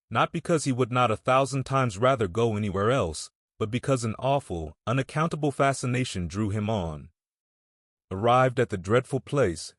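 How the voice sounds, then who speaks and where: A man reading a classic novel aloud as an audiobook narrator, in a measured, steady storytelling manner. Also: lowish voice, no echo, clean studio sound. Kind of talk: scripted narration.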